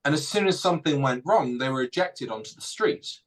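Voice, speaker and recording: A man hosts a political podcast, his voice a bit raised in pitch. He rants with indignant energy about the issues of the day. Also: animated, a little fast, rough recording. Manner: indignant, ranting. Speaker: podcast host. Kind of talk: casual political chat.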